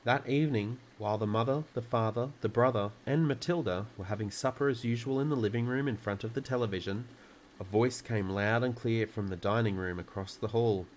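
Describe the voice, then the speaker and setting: A man calmly reading a children's book aloud in a relaxing storytime. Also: medium pitch, a little fast, a little hiss or hum, low-quality recording. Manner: calm, relaxing delivery.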